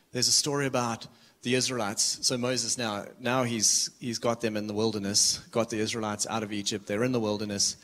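Brief: male visiting preacher, mid-pitched, urgent and earnest, casual asides. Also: bright, forceful tone. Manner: earnest and urgent, with self-deprecating asides and frequent restarts. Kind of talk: sermon.

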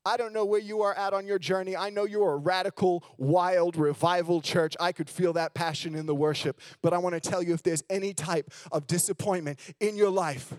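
A man preaching a sermon in a church, telling candid, self-mocking stories and swinging between loud emphasis and low, hushed lines. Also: fairly even intonation, brisk, hardly any pauses, dry recording. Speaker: guest preacher. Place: church sanctuary.

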